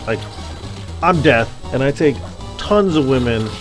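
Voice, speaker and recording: A man's voice: medium pitch, animated, measured pace, music in the background, voice pushed up, natural voice. A man voicing Death as a laid-back male party bro who talks in casual slang. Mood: persuasive.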